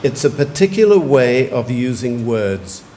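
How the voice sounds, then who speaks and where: A man, pronouncing words clearly and giving short definitions at a spelling competition. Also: medium pitch, big pitch swings, dark tone, slight background noise. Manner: measured, repeats each word clearly and gives brief definitions. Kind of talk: formal word pronouncing at a competition. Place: large museum hall.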